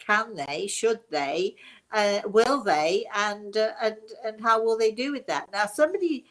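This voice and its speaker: An older woman hosting a casual chat for her webinar audience, rambling warmly with many restarts and bursts of laughter. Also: medium pitch. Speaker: host.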